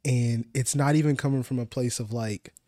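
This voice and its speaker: Young man, podcast co-host, earnest and explanatory, mid pitch, dry sound. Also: fairly even intonation, normal speed, dark tone, no room sound. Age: young adult. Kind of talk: casual faith discussion.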